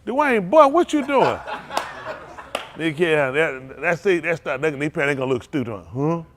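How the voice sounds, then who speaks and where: Animated preacher man telling stories. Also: on the high side, moderate pace, background noise. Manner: animated, laughing, repeats and restarts phrases. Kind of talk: loose storytelling sermon.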